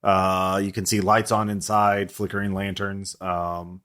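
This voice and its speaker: Man, game master, low pitch, rambling narration, many fillers. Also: flat delivery, a little slow, a bit bright, smooth.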